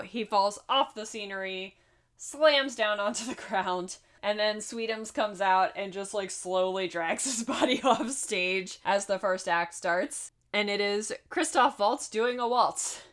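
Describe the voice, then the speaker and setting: A woman's voice: mid-range voice, fairly bright tone. Chatty woman co-hosting a film recap. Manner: chatty and laughing, with asides. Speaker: podcast co-host. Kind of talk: casual chat recapping a film.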